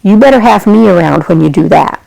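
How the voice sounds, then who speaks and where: A woman voicing a calm, sensible father, speaking in a measured way in her own storytelling voice. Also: medium pitch, creaky, rough recording. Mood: mild.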